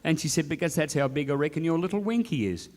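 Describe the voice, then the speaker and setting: A man's voice: fairly high pitch, animated, fast, a little mellow, big-room sound. A male comedian telling bawdy jokes on stage, swearing and bantering in a blokey way. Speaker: stand-up comedian. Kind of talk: live stand-up joke telling. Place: theatre stage.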